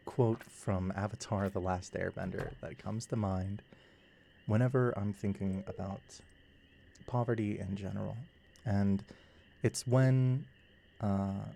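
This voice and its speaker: Man, low and gravelly, slow soft sleep-time gameplay commentary, very mellow. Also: a little hiss or hum.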